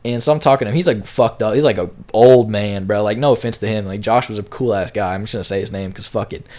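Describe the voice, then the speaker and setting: A young man with a lowish voice rushes through a casual storytime, words tumbling out quickly. His telling rambles and is full of slang and swearing. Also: a little mellow. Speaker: storyteller vlogger.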